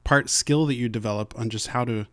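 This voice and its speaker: A man's voice: medium pitch, dry recording. Male interviewer, fumbles toward his questions; dry, close recording. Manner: halting, searching questions with many restarts.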